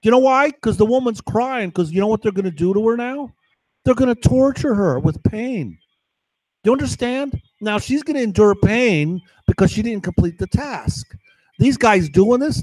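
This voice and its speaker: A man's voice: sits high, animated, normal speed, darkish tone, no room sound, rough recording. Agitated, profane man rambling to camera. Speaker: vlogger.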